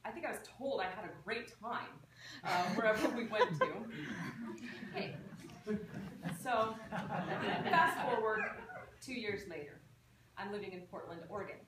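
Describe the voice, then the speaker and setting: A woman's voice: mid-range voice, normal speed, long pauses. A woman from Alaska telling a personal story in a casual, chatty way and laughing through it. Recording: roomy, distant mic with steady ambient noise.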